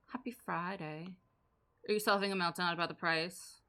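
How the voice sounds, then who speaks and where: A woman's voice: lowish voice, fairly even intonation, quick pace, bright, forceful tone. A young woman streamer giving casual, sarcastic live commentary as she plays a game and banters with her chat.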